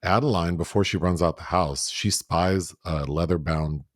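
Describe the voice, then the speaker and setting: Male podcast co-host, low voice, dry close sound, chatty recapper who acts out scenes. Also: normal speed, no room sound. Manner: chatty, laughing, acts out characters' lines. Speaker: film review podcast co-host. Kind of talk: casual recap chat.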